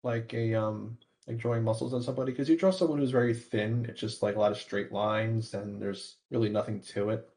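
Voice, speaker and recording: A man's voice: fairly low pitch, fairly even intonation, fairly quick, hardly any pauses, darkish tone. A man chatting casually as a podcast guest, hesitant with many ums and restarts. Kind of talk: casual chat.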